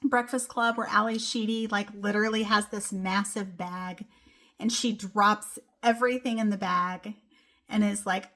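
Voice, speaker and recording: A woman's voice: medium pitch, steady tone, normal speed, fairly bright tone. A young woman hosting a solo motivational podcast, talking casually with lots of "like" and "you know.". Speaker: podcast host.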